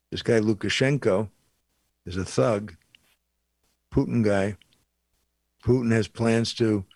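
A man's voice: fairly low pitch, a little mellow, dry recording. Blunt, indignant older man. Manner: blunt, indignant, digressive with many fillers. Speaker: commentator. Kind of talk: opinionated radio monologue.

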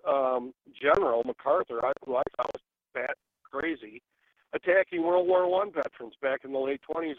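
A man calling in to a radio show, speaking earnestly and haltingly over a phone line. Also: on the high side, vocal fry, no echo. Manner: earnest, halting, repeats words. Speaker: caller. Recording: muffled phone call.

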